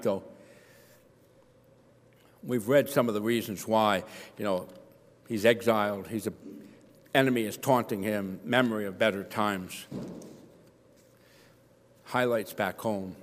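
A man's voice: medium pitch, normal speed, pauses often. A middle-aged man preaching an earnest sermon, acting out the voices he quotes. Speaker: pastor. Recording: long hall reverb.

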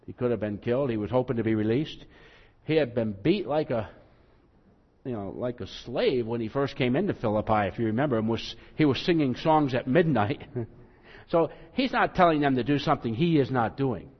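A man's voice: medium pitch, expressive, a little fast. A male pastor preaching a sermon in a conversational, self-deprecating way, acting out quotes with rising emphasis. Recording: muffled, long hall reverb.

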